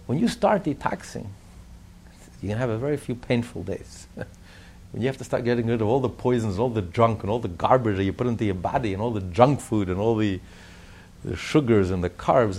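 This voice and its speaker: In a lowish, slightly mellow voice, a Torah teacher emphatically leads a religious text class, repeating his points and asking rhetorical questions. There is a little hiss or hum in the recording.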